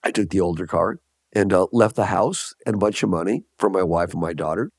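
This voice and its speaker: An older man from Los Angeles with a low, gravelly voice speaks as an interview guest. He tells his stories unhurriedly, leaning on repeated phrases and chuckling now and then, recorded close and dry. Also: brisk, darkish tone, dry recording. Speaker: guest, entrepreneur. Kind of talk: interview storytelling.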